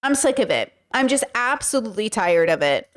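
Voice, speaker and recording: A woman's voice: fairly high pitch, sing-song, fairly quick. A woman from the Bronx, hosting a podcast and reacting in heated, slangy commentary. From the Bronx, New York. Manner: heated, exasperated, slangy, calls listeners bros and girl. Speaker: podcast host.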